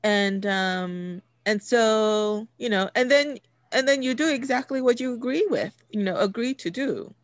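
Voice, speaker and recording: A woman's voice: on the high side, measured pace, hardly any pauses, dry recording, clean studio sound. A woman telling a personal story in casual chat, full of fillers and restarts. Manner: chatty, many fillers and restarts, laughs while telling.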